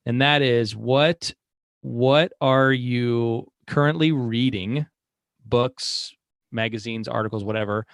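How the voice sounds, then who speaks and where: A man's voice: mid-range voice, slow pace, smooth, no echo, clean studio sound. Laid-back male podcast host. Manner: relaxed, laughs easily, self-correcting. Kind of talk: casual interview chat.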